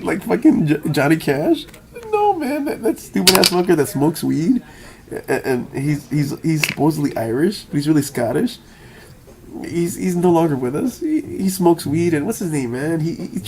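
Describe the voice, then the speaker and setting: A man's voice: a little high, animated, moderate pace, noisy background. A man telling a rambling, profane story, stammering and repeating words as he goes and often laughing. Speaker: vlogger. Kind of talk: rambling monologue.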